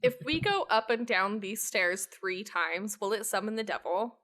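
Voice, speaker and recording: A woman playing a tabletop game, playful and quick to laugh. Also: mid-range voice. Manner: playful, lively, giggly. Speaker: player.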